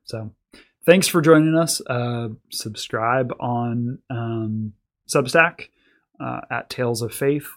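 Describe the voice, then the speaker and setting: A man hosting a faith podcast with his wife, talking in an easy, casual way with frequent fillers. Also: mid-range voice. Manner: relaxed, many fillers and restarts. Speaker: podcast host and pastor. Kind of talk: casual chat.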